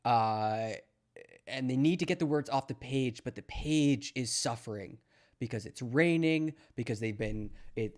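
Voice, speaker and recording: A young man from Canada commenting casually on news clips, sarcastic and mocking, rambling with lots of fillers. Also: mid-range voice. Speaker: streamer reacting to news clips.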